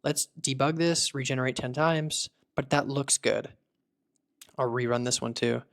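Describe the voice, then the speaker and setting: A man talks through a tech tutorial in a relaxed, conversational way, thinking aloud as he works through each fix. His voice sits at an ordinary middle pitch, and he sounds upbeat and easygoing as he narrates his screen. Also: measured pace. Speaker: tech video creator building voice agents. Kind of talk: casual screen-recorded tutorial.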